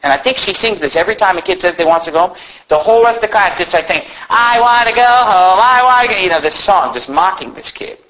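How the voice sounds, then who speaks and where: A man's voice: a little high, expressive, fast, fairly bright tone. A man preaching a sermon, telling a story in an earnest, conversational way, often restarting and adding asides. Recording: muffled lo-fi recording.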